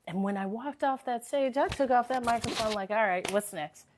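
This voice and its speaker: On her live stream, a woman chats casually but with earnest motivation, repeating phrases to drive them home. Her fairly high voice, at a moderate pace, is a bit worn as she recovers from a sore throat, and background noise can be heard.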